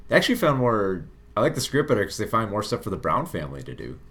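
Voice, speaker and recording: A man's voice: lowish voice, big pitch swings, fast talker, fairly bright tone. A man hosting a casual film review podcast, chatty, laughing often and repeating words as he starts sentences. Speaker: show host, film reviewer.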